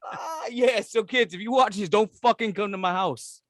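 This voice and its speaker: A middle-aged man from Brooklyn with a New York accent, co-hosting a podcast in casual, profane, comedic chat, animated and quick to laugh. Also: sits high, slight background noise. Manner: animated, swears constantly, laughs often. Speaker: podcast co-host.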